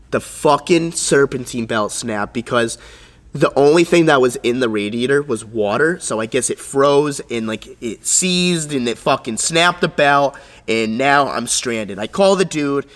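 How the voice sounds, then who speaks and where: Young man telling a wild story, echoey room. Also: mid-range voice. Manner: animated, profane, acts out quoted voices. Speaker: vlogger. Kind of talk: casual storytelling.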